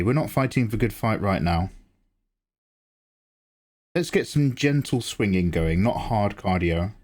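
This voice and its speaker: A man's voice: animated, moderate pace, a little mellow. A grown man hosting a live drawing stream, chatting casually and teasing viewers as he answers chat. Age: adult. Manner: chatty, teasing replies to chat, jumps up in pitch when greeting viewers. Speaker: livestream artist and host.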